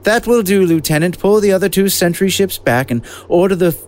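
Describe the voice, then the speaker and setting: A man doing Thrawn, cool and unhurried. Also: sits high, pitched above the performer's own voice, natural voice. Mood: glacially calm. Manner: calm, even, unhurried. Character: coolly calculating alien male grand admiral.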